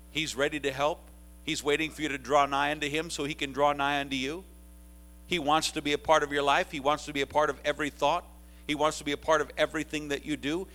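A man in his fifties preaching a sermon to college students, moving from quiet reflection to loud, urgent pleading. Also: a little high. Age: 50s.

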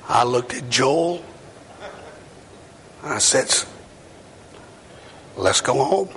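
A man's voice: medium pitch, a bit bright. A middle-aged male evangelist telling a story in a sermon, drawling and folksy with plenty of fillers. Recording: hall reverb, faint noise.

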